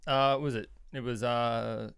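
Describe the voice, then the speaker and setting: A man's voice: medium pitch, steady tone, normal speed, gravelly, a bit bright, clear, resonant tone. A man co-hosting a podcast in casual chat, talking bluntly and swearing freely. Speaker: podcast co-host.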